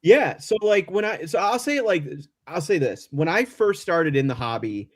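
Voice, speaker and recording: A man's voice: fairly high pitch, big pitch swings, moderate pace, breathy edge. Rambling, tangent-prone storytelling man. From Chicago area. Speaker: guest. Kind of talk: casual chat. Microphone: remote call mic.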